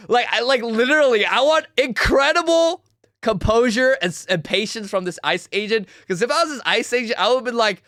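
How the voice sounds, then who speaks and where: A young man hosting a livestream, reacting to a video with loud, mocking, excitable commentary. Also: very high-pitched, brisk, no room sound, clean studio sound. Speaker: streamer host.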